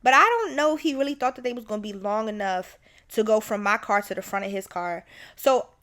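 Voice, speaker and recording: A young woman in her twenties telling a story as a podcast host, animated and profane with many fillers. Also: medium pitch, fairly quick. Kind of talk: casual storytelling.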